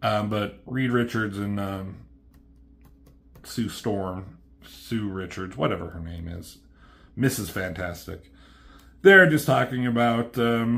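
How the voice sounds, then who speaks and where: A man's voice: lowish voice, measured pace, gravelly, a bit bright. A man casually recapping a comic book, profane and offhand, with a mocking edge as he quotes the characters.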